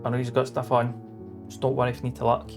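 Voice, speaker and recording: A man's voice: mid-range voice, completely flat delivery, fast talker. A man streaming a game, chatting in an upbeat, casual way and reading text aloud. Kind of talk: casual gaming commentary. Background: game music.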